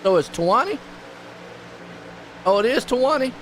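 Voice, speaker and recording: A man calling a live sim race play-by-play, excitable and folksy. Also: very high voice, unhurried, a little hiss or hum. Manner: excitable, folksy, puzzled asides. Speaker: race commentator.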